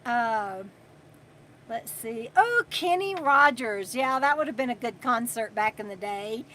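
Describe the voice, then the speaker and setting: A woman in her sixties hosting a casual livestream, chatting and reading viewer comments aloud between pauses. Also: fairly high pitch, animated, fairly bright tone. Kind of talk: casual live chat.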